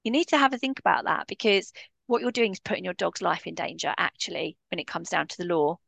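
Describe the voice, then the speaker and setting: A woman's voice: fairly low pitch, quick pace, gravelly, fairly bright tone, no echo. A woman dog behaviourist giving a podcast interview, speaking bluntly and with strong feeling. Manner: blunt, impassioned.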